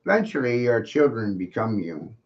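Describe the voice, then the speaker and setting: This livestream host, fairly low-pitched and very animated, talks at a normal speed through a taunting monologue. He repeats himself and keeps firing rhetorical questions. His audio comes through muffled and lo-fi.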